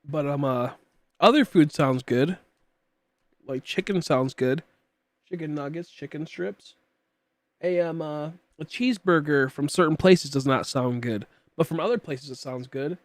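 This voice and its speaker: A man in his late twenties with a fairly high voice chats casually while streaming a game, rambling unhurriedly with lots of fillers. His throat is tickly and he coughs now and then, and the recording has no room sound.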